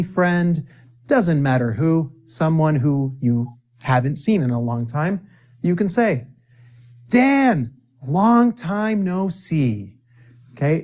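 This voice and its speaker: A man with a slightly raised voice leads a spoken-English lesson at an unhurried pace. He sets out phrases to repeat and stops on purpose to let the viewer practise. He drops playful, joking asides to the viewer along the way. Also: fairly high pitch, a little mellow. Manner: slow, with deliberate pauses for the viewer to repeat. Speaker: English teacher.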